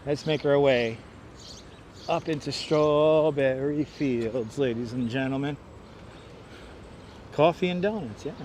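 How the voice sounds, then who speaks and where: A man's voice: medium pitch, takes it slowly, pauses often, darkish tone, a little hiss or hum. A man with a Brooklyn accent giving a chatty walking tour on a livestream outdoors in a city park, talking to viewers on a clip-on mic. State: out of breath from walking uphill. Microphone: wireless clip-on mic.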